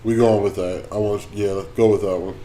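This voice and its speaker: A man's voice: lowish voice, fairly even intonation, normal speed, warm tone. A man co-hosting a casual podcast chat, teasing his partner with short, offhand replies. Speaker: podcast co-host. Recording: echoey room.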